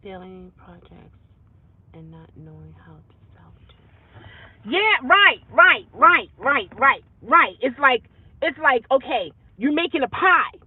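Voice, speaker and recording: A woman rideshare driver vlogging in a casual, rambling monologue, animated and full of repeats. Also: high voice, slow pace. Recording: tinny phone-like dry sound.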